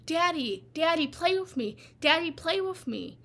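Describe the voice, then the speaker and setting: A small girl pleads and tugs for her daddy's attention in a high, eager voice, put on by a woman. She repeats herself in short, bright calls. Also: animated, measured pace, full character voice. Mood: pleading. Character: pleading little girl wanting her father.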